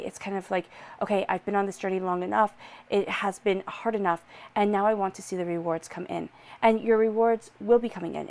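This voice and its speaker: Woman doing a tarot reading, soothing and reassuring, bit of vocal fry, mid pitch. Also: darkish tone. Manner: soothing, reassuring, drawn-out repetitions. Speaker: tarot reader.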